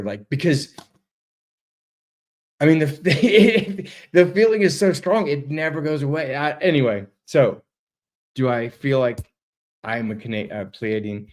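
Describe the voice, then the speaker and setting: A laid-back man with a slightly high voice takes his time recounting a story as an interview guest on a video call. He's lively and casual, swearing freely and leaning heavily on "dude."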